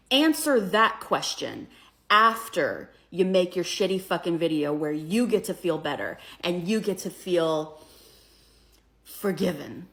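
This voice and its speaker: A woman's voice: medium pitch, animated, a little slow. A woman delivering a scornful, heated social media rant, clipped from a video. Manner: scornful, rising to heated and profane. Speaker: commentator in a reacted-to clip.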